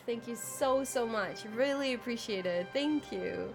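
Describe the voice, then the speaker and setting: A woman's voice: fairly high pitch, normal speed, hardly any pauses, music in the background. A woman streaming a zoo-building game live, chatting, exclaiming in frustration, laughing and thanking viewers by name. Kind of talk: live gameplay stream chat.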